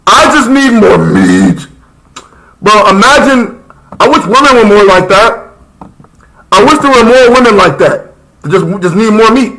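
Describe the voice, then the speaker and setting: A young man talks through a live reaction stream with a high, bright voice. He rambles passionately in loose slang, often repeating himself as he gets carried away. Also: very animated, unhurried, pauses often, low-quality recording. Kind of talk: casual live reaction chat.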